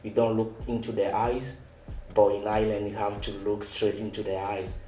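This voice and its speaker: A man from Togo explaining calmly in a casual group discussion. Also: on the low side, moderate pace. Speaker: panel guest. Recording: echoey room, music underneath.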